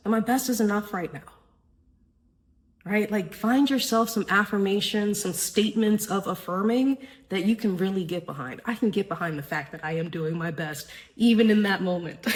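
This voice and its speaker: A woman's voice: mid-range voice, moderate pace, poor audio. Earnest woman hosting a spiritual podcast. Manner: warm, earnest, casual with swearing, frequent "right?". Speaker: podcast host. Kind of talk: spiritual self-help podcast talk.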